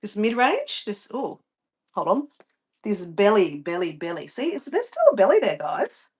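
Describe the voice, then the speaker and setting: A middle-aged Australian woman talks her way through a morning routine on a live stream. Her delivery is rambling and chatty, and she keeps drifting off topic to greet viewers and answer their comments. Her pitch sits right in the middle for a woman. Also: sing-song, moderate pace, darkish tone, slightly rough.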